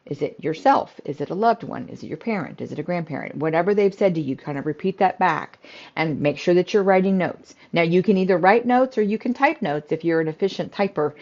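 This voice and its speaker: A middle-aged woman who runs a home care business, teaching in a calm, conversational way with frequent fillers. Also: deep voice. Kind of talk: instructional talk to camera. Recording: slightly dull, lo-fi audio.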